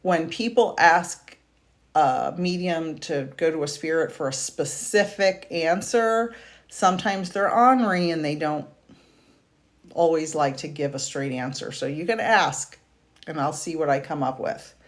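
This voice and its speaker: A woman doing a live-streamed psychic reading, speaking softly and haltingly with many fillers, at times close to tears. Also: low-pitched. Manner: slow, soft-spoken, halting with fillers and restarts; emotional, tearful at moments. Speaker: psychic medium. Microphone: video call or stream mic.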